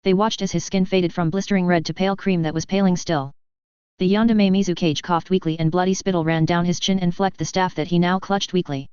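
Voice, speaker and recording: Brisk reader of fan fiction. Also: medium pitch, steady tone, a little mellow, smooth, no room sound. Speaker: audiobook reader. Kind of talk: reading fan fiction aloud. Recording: dull lo-fi recording.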